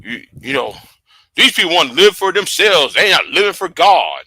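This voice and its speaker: A man hosting a casual livestream, rambling with repeated words, profanity and quiet trailing asides. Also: a little high, big pitch swings, normal speed, slightly rough. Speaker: livestream host.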